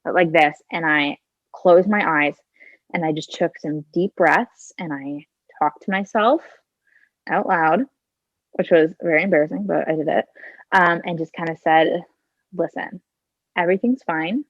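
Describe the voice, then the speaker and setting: A twenty-something woman is a podcast guest recounting a personal story, chatty and heavy on "like" and "kinda," with her own thoughts acted out. She has a low voice, fairly even intonation, and a slightly slow pace. Her handheld phone gives lo-fi sound without echo.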